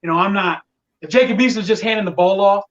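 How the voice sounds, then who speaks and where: High-voiced man venting, distant muffled mic. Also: fast talker, fairly bright tone. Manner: exasperated, venting about fickle fans. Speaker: podcast guest, Colts fan. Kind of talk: casual sports podcast talk.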